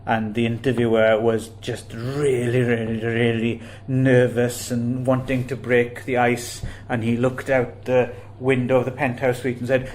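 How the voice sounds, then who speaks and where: A man's voice: medium pitch, little pitch movement, unhurried, few pauses, darkish tone. A man co-hosting a casual podcast, with dry, teasing and sceptical banter. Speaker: podcast co-host. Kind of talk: casual chat.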